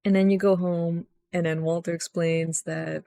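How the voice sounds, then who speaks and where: A young woman recapping a video game in a rambling, excitable rant, swearing often and jumping up in pitch when frustrated. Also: normal speed, gravelly, few pauses, dry recording. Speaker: gaming vlogger.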